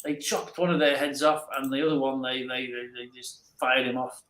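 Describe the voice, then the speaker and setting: Rambling man, bright echoey voice. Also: medium pitch, steady tone, moderate pace. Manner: rambling storyteller, repeats words. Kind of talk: casual live chat.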